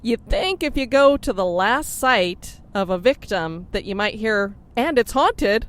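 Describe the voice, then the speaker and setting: A woman's voice: mid-range voice, a little slow. A woman hosting a podcast, chatting in an upbeat, laughing way from inside a car, sharing one mic. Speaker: podcast host. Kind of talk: casual chat. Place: in a car on a road trip. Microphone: sharing one mic with co-host.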